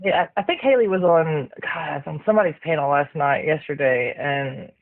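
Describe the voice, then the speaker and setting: A man in casual group chat, reacting and agreeing quickly. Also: on the high side, gravelly. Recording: tinny phone-like audio.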